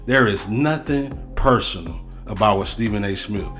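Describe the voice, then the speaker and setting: A man's voice: mid-range voice, lively intonation, moderate pace, a bit bright, soft background music. A man hosting a sports show, ranting in a heated, profane, repetitive way. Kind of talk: sports commentary rant.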